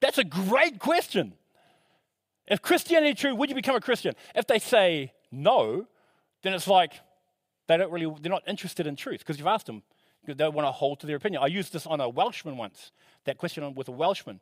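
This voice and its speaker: Male preacher, high voice, dry close mic, lively and chatty delivery with asides. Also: moderate pace, dry recording. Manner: animated, shifting pitch and loudness for emphasis; conversational, self-correcting with asides. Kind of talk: sermon.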